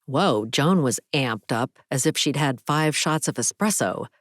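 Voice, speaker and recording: A woman narrating a psychological thriller audiobook with a dramatic, expressive reading. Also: a bass voice, a little slow, no room sound, clean studio sound.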